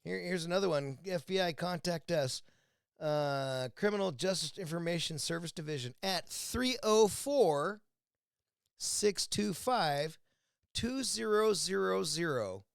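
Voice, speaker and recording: A man's voice: sits high, lively intonation, unhurried, gravelly, smooth, dry recording, clean studio sound. Angry swearing American man ranting. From United States. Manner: angry, blunt, swears constantly. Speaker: vlogger. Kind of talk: profane political rant. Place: indoors at home, drinking a beer.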